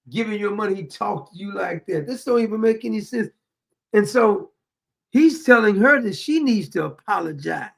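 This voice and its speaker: Brief: high-pitched gravelly male host, animated mocking commentary. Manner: animated, mocking, reads a statement aloud with asides. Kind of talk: commentary on a news story.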